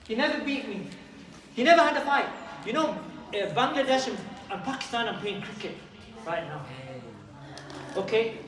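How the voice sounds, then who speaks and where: A man giving a lively talk to a youth group, questioning and calling out to his listeners. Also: very high-pitched, normal speed, pauses often, slight background noise. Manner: animated, questions and calls out to listeners. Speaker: youth teacher. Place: community hall with young audience. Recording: roomy hall, distant mic, crowd behind.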